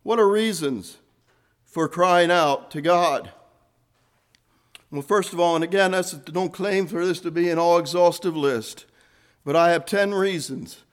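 A man preaching a sermon, earnest, rising to fervent emphasis and then dropping soft. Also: high voice, unhurried, pauses often.

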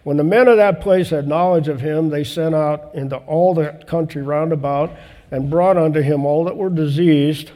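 A man preaches a conversational Bible-teaching sermon, his voice mellow and slightly high-pitched. He reads scripture aloud and explains it in a relaxed, plain way, with small restarts. The sound carries a long hall reverb. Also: moderate pace.

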